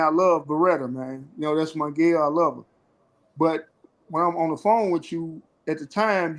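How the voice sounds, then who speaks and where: A man's voice: fairly high pitch, low-quality recording. A man speaking candidly on a panel, earnestly explaining how he felt on prison phone calls. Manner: earnest, acts out phone talk. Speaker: formerly incarcerated panel guest.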